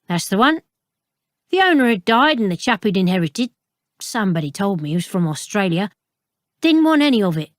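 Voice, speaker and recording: A woman's voice: mid-range voice, sing-song, fairly quick, pauses often, no echo, clean studio sound, close to an everyday voice. A woman voicing a swaggering plump book dealer. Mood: persuasive. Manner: falsely jovial, wheedling, turning cold.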